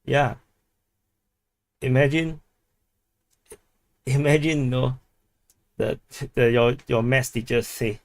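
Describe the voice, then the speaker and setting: A man with a Singaporean English accent hosts a live stream and talks loosely to his viewers. He repeats words as he goes and laughs a lot. His voice sits at an ordinary pitch and sounds dry and close. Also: flat delivery, slow, pauses often, no echo. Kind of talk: casual live stream chat reading comments.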